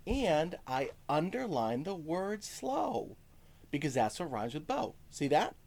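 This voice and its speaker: A male music teacher giving a first-grade lesson, speaking slowly to young children, checking in with "okay?" and singing short lines. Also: on the high side, very animated, a little mellow, slight background noise. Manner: lots of "okay?" check-ins.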